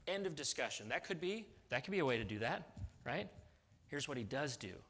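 A man's voice: mid-range voice, very animated, a little fast, a bit bright. A man preaching a sermon in a casual, conversational way, with restarts and sudden emphatic rises. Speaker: pastor.

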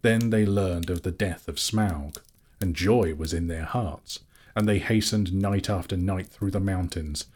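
A man narrating an audiobook with a steady storytelling reading. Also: low-pitched, husky. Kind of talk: scripted narration.

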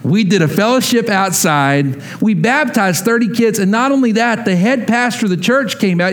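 Male pastor with a high voice, lively sermon storyteller who plays out each conversation. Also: moderate pace, hardly any pauses. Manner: animated storyteller, acts out dialogue.

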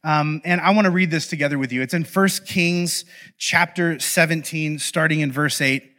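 A male pastor with a high, bright voice gives a relaxed, conversational sermon. He tells the story in an animated, playful way and keeps breaking off for asides to his listeners. His tone stays bright and his delivery stays lively. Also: moderate pace.

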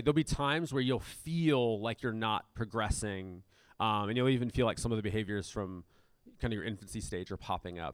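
Low-voiced man preaching a sermon. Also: no room sound. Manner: conversational, many fillers and restarts. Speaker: pastor.

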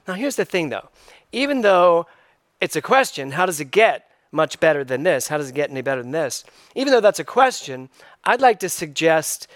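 A male minister delivers a sermon in a fairly high voice, reflective and unhurried. He circles back to key phrases again and again for emphasis. The sound is dry and close, with no room echo. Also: a bit bright.

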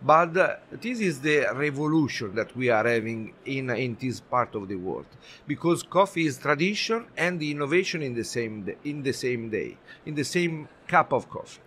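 A man with an Italian accent, a guest on a podcast recorded live at an expo, speaking haltingly with many fillers and restarts. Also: medium pitch, animated, fairly bright tone, slight background noise. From Italy. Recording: faint ambience at a live expo.

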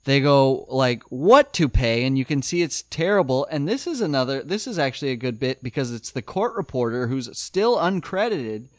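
A man's voice: mid-range voice, normal speed, few pauses, dry recording. A man co-hosting a podcast, chatting casually about a TV episode and acting out its lines in a raised voice. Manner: animated, acts out lines in a raised voice. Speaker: podcast co-host. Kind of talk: casual chat recapping a TV episode.

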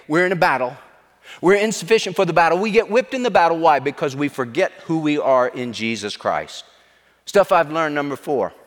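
Middle-aged pastor preaching, kinda high voice, punchy, long church-hall echo. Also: male voice, fairly bright tone. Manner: emphatic, repetitive preaching. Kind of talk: sermon.

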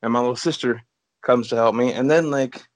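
A man's voice: medium pitch, a little fast. A man co-hosting a casual podcast, talking in a laid-back way with lots of "like" and frequent swearing. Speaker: podcast co-host. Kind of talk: casual chat.

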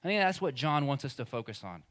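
A man's voice: mid-range voice, big pitch swings, fast, a bit bright. A man, preaching a sermon as pastor in a conversational, emphatic way. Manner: conversational and emphatic, acting out quoted speech.

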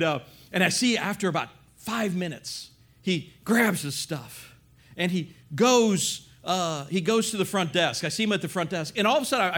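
A man preaching in an animated, confessional storytelling way, often checking in with his listeners. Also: high voice. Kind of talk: storytelling sermon.

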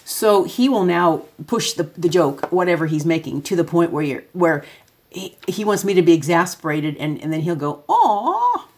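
A middle-aged woman with a deep, husky voice tells loose, chatty stories about parenting. She talks to an audience as she moves through photos, sometimes acting out her son's lines. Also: normal speed, a little mellow. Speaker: parent giving a talk. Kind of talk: casual spoken talk with photos.

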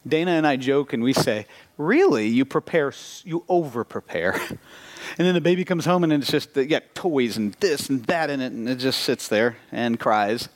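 A man in his thirties preaching a sermon, telling a lively personal story and acting out the dialogue as he goes. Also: medium pitch, moderate pace. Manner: animated storytelling with acted-out dialogue. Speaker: pastor.

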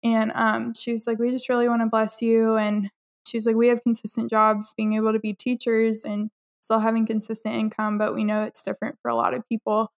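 A woman's voice: fairly high pitch, monotone, a little fast. A young woman in casual podcast chat, easygoing and full of fillers.

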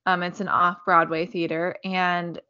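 A woman's voice: on the low side, flat delivery, measured pace, dull audio. A woman co-hosting a casual podcast chat, chatty, often trailing off and restarting. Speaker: podcast co-host.

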